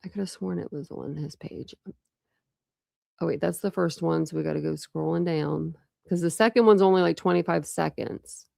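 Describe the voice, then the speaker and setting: Woman true crime host, gravelly, dry close sound, rambling chat. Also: deep voice, moderate pace, warm tone, no room sound. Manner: rambling, thinks aloud with restarts. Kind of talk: casual commentary to viewers.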